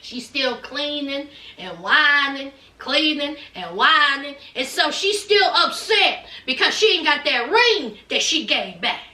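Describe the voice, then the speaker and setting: A woman with a very high, bright voice gives a sassy, slow, drawn-out recap of a reality show. She talks straight to her listeners and keeps calling them honey. The mic sits some distance away in an echoey room. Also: sing-song. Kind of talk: sassy casual recap commentary.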